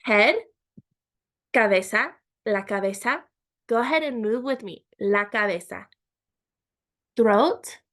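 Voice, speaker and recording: A woman teaching a Spanish lesson, saying each word slowly and repeating it for learners. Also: fairly high pitch. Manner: slow and deliberate, repeating words for learners. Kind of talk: language lesson.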